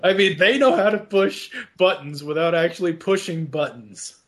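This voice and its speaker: A man hosting a casual podcast chat, rambling with halting restarts and drifting onto tangents. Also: a little high, a bit bright. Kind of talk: casual podcast chat about an animated movie.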